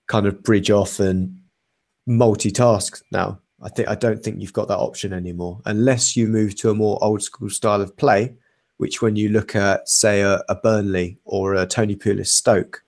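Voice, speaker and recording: A young man with a fairly low voice chatting on a football podcast. He thinks aloud, building his points step by step and filling pauses with ums and uhs. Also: darkish tone. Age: young adult. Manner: thoughtful, analytical, with frequent fillers. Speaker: podcast co-host. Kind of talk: casual football podcast chat.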